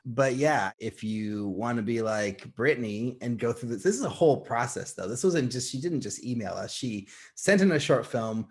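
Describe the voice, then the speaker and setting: Man, podcast co-host, casual rambling chat, lots of fillers, laughs often, mid pitch. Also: breathy edge.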